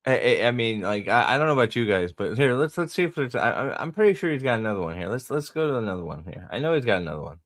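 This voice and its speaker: Guy hosting a stream, rambles and swears a lot, mid pitched, mocking tone. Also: expressive, fast talker, hardly any pauses. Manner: rambling, swearing, mocking, reads chat aloud. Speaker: host. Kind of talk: casual livestream commentary.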